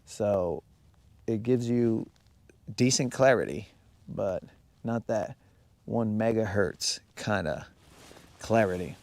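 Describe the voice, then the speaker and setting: Slow-talking laid-back fishing streamer. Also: male voice, lowish voice, a little mellow. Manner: joking, rambling, reads and answers chat. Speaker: fishing livestream host. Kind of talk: casual live-stream chat. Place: on a boat on a lake outdoors.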